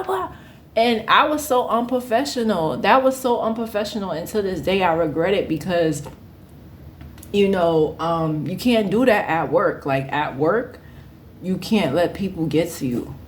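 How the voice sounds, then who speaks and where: A woman in her thirties telling a casual story, animated and often laughing as she acts out the people in it. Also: fairly low pitch, slight background noise. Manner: animated, acts out quoted voices. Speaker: vlogger.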